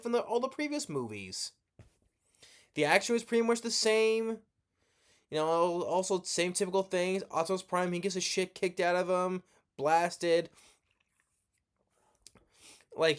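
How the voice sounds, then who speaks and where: A man giving a rambling, profane movie review rant, sleepy and yawning as he talks, with lots of restarts. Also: a little high.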